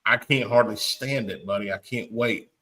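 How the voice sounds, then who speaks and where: A man's voice: fairly low pitch, moderate pace, bright, forceful tone. Fervent tearful man hosting. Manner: fervent and emotional, stumbles over repeated words. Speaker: podcast host. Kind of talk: impassioned appeal, preacher-like.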